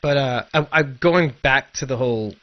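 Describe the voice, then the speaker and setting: Casual podcast host, male, mid pitch, rambling and animated, slightly dull lo-fi sound. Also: normal speed. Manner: rambling, animated, lots of "like" and restarts. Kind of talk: casual chat about a TV episode.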